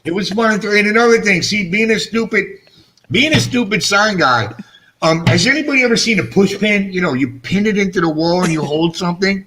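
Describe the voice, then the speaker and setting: A man's voice: sits high, lively intonation, brisk, pushed and bright, slight background noise. A middle-aged man hosting a casual fish-keeping livestream, rambling and self-mocking, swearing freely, his speech shaped by missing front teeth. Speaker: fish-keeping channel host.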